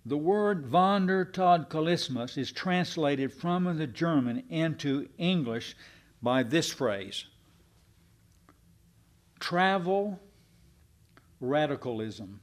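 A man's voice: on the high side, expressive, slow pace. A man preaching a sermon, folksy and self-deprecating with his congregation. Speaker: pastor.

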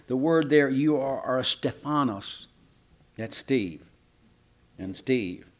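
Man, preacher, folksy, animated, mid-pitched voice. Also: takes it slowly. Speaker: pastor. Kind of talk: sermon.

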